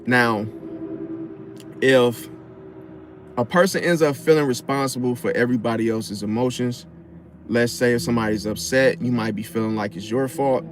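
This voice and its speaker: A man giving casual advice in a slangy, animated way, often acting out loud high-pitched interruptions. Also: moderate pace, long pauses, slight background noise. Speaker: astrology commentator.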